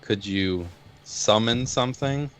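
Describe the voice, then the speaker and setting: A man with a very low voice talks through a plan at a tabletop game. He thinks aloud, hesitating and restarting. The talk is casual and loose. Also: takes it slowly, smooth. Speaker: player.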